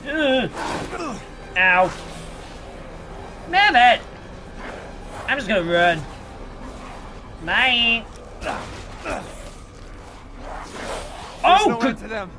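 Animated, slow-talking let's play host. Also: medium pitch, a little hiss or hum. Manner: reactive, swears, talks back to enemies. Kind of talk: casual gameplay commentary.

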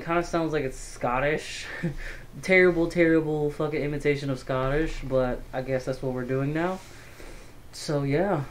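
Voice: mid-range voice, darkish tone, a little hiss or hum. A let's play gamer reading a visual novel's text aloud in a playful, self-mocking way, stumbling over lines and adding casual asides.

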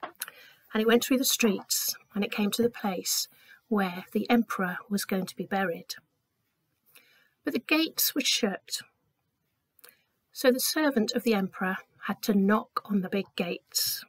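Woman doing a kids talk at church, gentle storyteller voice, dry close sound. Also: mid-range voice, measured pace, pauses often, no echo. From England. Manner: gentle, clear storyteller, acts out quoted voices. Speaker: children's talk leader.

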